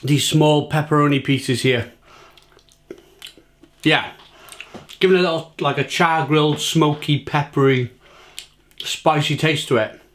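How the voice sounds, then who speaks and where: A man's voice: fairly high pitch, a little slow, long pauses, a bit bright. A British man in his thirties chatting casually to camera as a food reviewer, repeating himself and talking while he eats.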